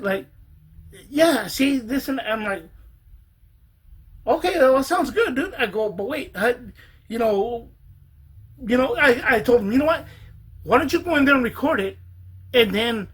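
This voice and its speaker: A man's voice: high-pitched, fairly bright tone, slightly rough. A man, a rap artist hosting a podcast, casually telling a studio story with many restarts and fillers.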